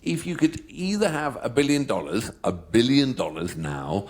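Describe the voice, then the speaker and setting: Lively, playful man co-hosting. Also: mid-range voice, normal speed. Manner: playful, hums tunes, addresses the audience. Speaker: reaction video co-host. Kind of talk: casual chat.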